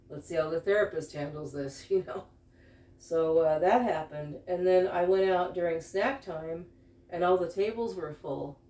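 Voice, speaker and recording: Low-voiced woman vlogger, halting personal storytelling, sits back from the mic in a roomy space. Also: darkish tone, recorded from a distance. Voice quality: halting, many fillers and restarts. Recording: echoey room, voice off-mic.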